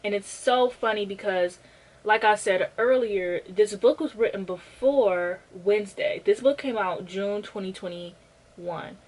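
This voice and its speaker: A woman's voice: medium pitch, a little slow, darkish tone, low-quality recording. A young woman giving a casual rant review of a book, blunt and sarcastic and swearing freely.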